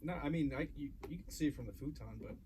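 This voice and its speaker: A man talking as a podcast guest in a casual chat, halting, with many ums and restarts. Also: fairly high pitch, mellow. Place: basement podcast studio. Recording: noisy home recording.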